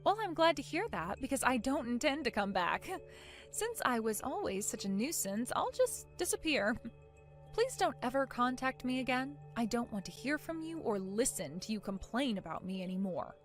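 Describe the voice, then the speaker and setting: A smug young wife answers in a soft, cool and sarcastic tone, voiced by a woman. Her slightly high voice still moves freely in pitch. Faint music runs underneath this animated story. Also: normal speed. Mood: cold.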